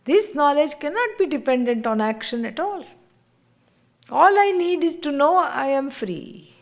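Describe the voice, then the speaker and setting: A woman spiritual teacher giving a scripture class, unhurried and laughing often as she tells stories. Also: sits high, animated.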